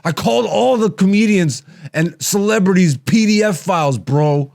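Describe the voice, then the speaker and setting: A man doing a deliberately poor impression of a bragging British male comedian, with a fake British accent. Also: high voice, creaky, a little mellow, voice pushed up. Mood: cocky.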